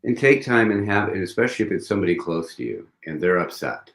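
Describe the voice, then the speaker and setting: A man's voice: on the low side, lively intonation, quick pace, roomy sound. A man appearing as a guest on a casual livestream chat, reflective and telling personal stories with frequent restarts.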